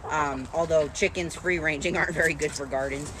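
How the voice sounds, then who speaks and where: A woman's voice: low voice, steady tone, brisk. A woman chatting casually to the camera as a farm vlogger, full of fillers while she does her chores outdoors. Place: outdoors at a chicken coop. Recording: outdoor noise behind the voice.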